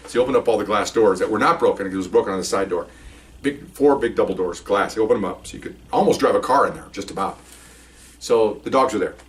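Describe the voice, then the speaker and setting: Older ex-cop telling stories fast, laughs a lot, mic kinda far. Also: male voice, fairly low pitch. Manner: animated, laughs while telling, acts out voices. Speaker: retired police officer. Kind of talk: casual storytelling.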